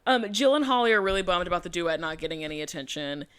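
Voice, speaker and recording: A woman's voice: lowish voice, expressive, fast, a bit bright, smooth. A woman co-hosting a podcast, recapping a reality show in casual chat and quoting people in mocking voices. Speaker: podcast co-host.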